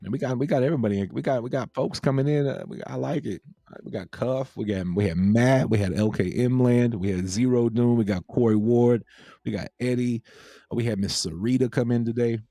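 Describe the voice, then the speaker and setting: A man's voice: mid-range voice, brisk, warm tone, no echo. A man hosting a casual crypto livestream, talking loosely with viewers, repeating himself and reading out the chat. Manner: laid-back, repeats himself, reads chat aloud.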